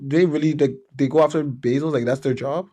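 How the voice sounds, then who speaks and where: A man co-hosting a podcast who keeps cutting in with quick reactions and questions. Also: a little high, fairly even intonation, warm tone. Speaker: podcast co-host. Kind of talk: casual chat.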